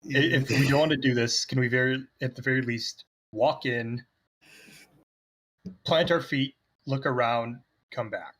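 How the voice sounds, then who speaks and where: A man's voice: mid-range voice, measured pace, a bit bright. A man playing a tabletop game who talks cautiously, often stammering and restarting. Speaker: player. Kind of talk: casual tabletop game chat.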